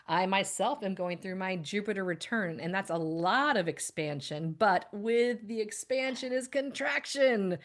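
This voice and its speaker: A woman's voice: mid-range voice, measured pace, few pauses. Upbeat woman with frequent laughs. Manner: upbeat, laughs often, animated on exclamations. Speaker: guest, holistic practitioner. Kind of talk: casual podcast conversation.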